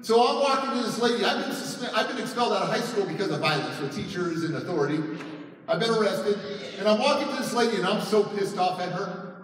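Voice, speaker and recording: A man's voice: high voice, animated, fast talker, far from the mic, a little hiss or hum. A man giving a motivational talk at a conference, telling a personal story dramatically and acting out the lines of others. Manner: dramatic storyteller, acting out quotes, shouting at peaks. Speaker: motivational speaker. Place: large conference hall. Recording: echoey hall, mic heard from afar.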